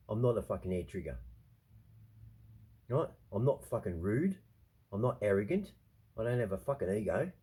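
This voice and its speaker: Husky, dark-voiced man ranting. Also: lowish voice. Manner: profane, emphatic, repeats himself; restless, defensive, confiding. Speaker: vlogger. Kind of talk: rambling personal monologue.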